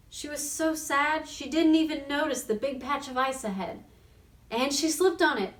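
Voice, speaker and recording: Lady reading a kids storybook, really expressive, high voice, roomy far-off sound. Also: moderate pace. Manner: expressive, animated. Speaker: reader of a children's book. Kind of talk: storybook read-aloud on radio. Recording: roomy sound from a distant mic.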